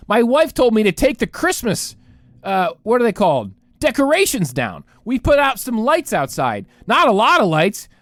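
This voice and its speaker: Man, 30s, podcast host; sarcastic comic rant, very animated pitch, dry close sound. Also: no room sound. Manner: mock-indignant, sarcastic, exaggerated. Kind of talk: comedic solo rant.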